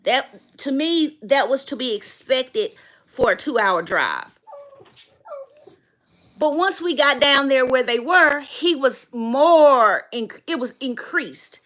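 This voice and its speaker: A woman's voice: high voice, lively intonation, slow, fairly bright tone. A middle-aged woman, emotionally retelling a story to her viewers in a repetitive, emphatic way. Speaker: dog owner vlogger.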